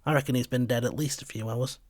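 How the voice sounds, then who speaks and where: A man's voice: medium pitch, fairly even intonation, fast talker, no room sound, clean studio sound, close to an everyday voice. A man playing a blunt male paramedic, matter-of-fact, in a storybook reading. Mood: flat.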